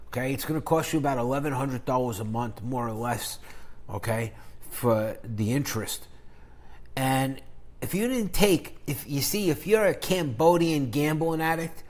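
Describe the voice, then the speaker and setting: A man ranting through an investing vlog, crude and profane, mocking rivals with sudden loud jabs in a loose, rambling delivery. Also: mid-range voice, lively intonation, moderate pace. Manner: crude, profane, mocking shock-jock banter. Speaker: finance YouTuber.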